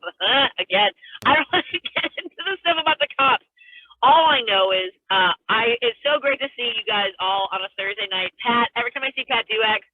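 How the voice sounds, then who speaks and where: A high-voiced woman comic rants with exasperated, self-mocking bite, doing her stand-up set over a video call. Her voice comes through a tinny, phone-like line and sounds dry and close, with no room around it. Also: no echo. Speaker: stand-up comedian.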